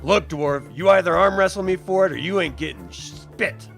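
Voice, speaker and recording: A man doing a gruff, burly bar brawler. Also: sits high, moderate pace, fairly bright tone, soft background music. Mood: challenging. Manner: blunt, tough-talking.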